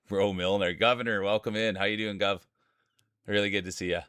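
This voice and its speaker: Canadian guy hosting marble races on stream, bright tone, greets everyone, dry mic. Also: lowish voice, clear, resonant tone, no room sound. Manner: chatty, greets viewers by name, jokey. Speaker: streamer and marble race announcer. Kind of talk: casual live-stream chat and playful commentary.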